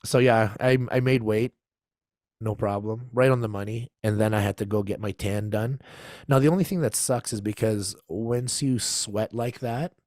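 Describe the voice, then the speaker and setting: A man's voice: lowish voice, normal speed, no room sound, studio quality. Laid-back man telling a story. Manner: animated, acts out quoted voices, laughs often. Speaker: podcast guest. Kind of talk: casual storytelling.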